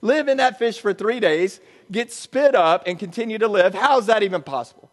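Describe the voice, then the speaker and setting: A man's voice: high voice, expressive, moderate pace, long reverb tail. A man playing an irritated, skeptical man on a plane who mutters and then challenges, in a sermon story. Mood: challenging.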